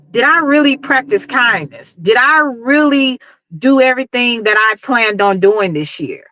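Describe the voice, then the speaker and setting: A woman's voice: fairly high pitch, pushed and bright, dry recording, muffled recording. A middle-aged woman with a Dallas accent, giving an emphatic, preachy motivational talk to her livestream viewers and laughing often. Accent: Dallas, Texas. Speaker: YouTube livestream host.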